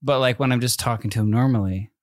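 A man in his thirties co-hosting a podcast, joking in a relaxed way with loose, trailing sentences. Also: mid-range voice, fast talker, slight background noise. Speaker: podcast co-host. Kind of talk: casual chat. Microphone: large studio microphone.

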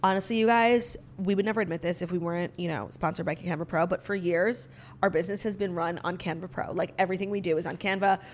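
Brief: young female podcast co-host, rapid casual chatter, filler-heavy. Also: on the low side, steady tone, slight background noise. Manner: chatty, quick, lots of "like" fillers. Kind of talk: casual chat.

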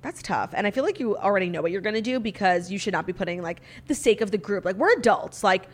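A woman co-hosting a podcast, chatting casually and reading out a listener letter. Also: medium pitch. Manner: fast, chatty, peppered with "like". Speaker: podcast co-host. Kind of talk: casual chat.

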